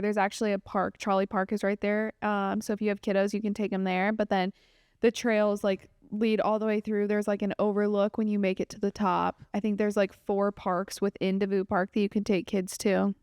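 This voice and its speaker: A young woman from Colorado co-hosting a podcast in casual chat, animated and laughing often. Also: mid-range voice, clean tone, no room sound, studio quality. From Colorado, USA. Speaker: podcast co-host.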